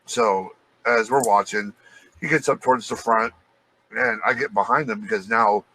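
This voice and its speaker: A man co-hosting a podcast, telling a profane, animated work story in casual chat. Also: lowish voice, low-quality recording. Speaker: podcast co-host.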